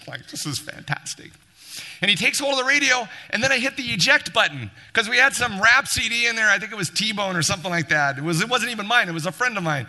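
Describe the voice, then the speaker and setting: A man telling a church group a lively story, a little sarcastic, acting out both sides of the dialogue. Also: high-pitched, brisk. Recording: long hall reverb.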